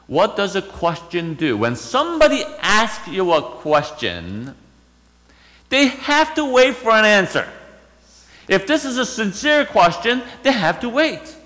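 A man's voice: high voice, huge pitch swings, a little slow, sharp tone, big-room sound, low-quality recording. A man preaching a sermon, retelling a story and asking rhetorical questions.

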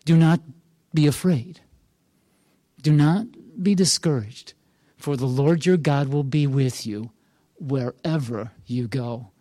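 A man's voice: mid-range voice, takes it slowly, dark tone, no echo. Man, pastor, preaching, earnest, encouraging, emphatic, dry recording. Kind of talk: sermon.

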